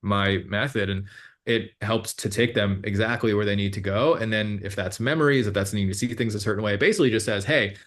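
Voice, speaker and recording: A man with a lowish voice explains hypnotherapy sessions as an interview guest. He talks in a relaxed, meandering way, full of fillers and restarts. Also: quick pace. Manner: relaxed, meandering, with many fillers and self-corrections.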